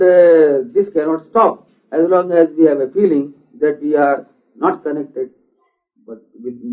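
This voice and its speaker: Man lecturing in a dull lo-fi recording. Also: a little high. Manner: deliberate, asks rhetorical questions. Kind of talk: philosophical lecture.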